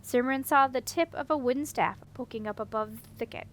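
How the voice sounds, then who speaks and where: A woman narrating a fantasy children's novel as an audiobook reader, steady and even. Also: on the high side, a little fast, rough recording. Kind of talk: storybook narration.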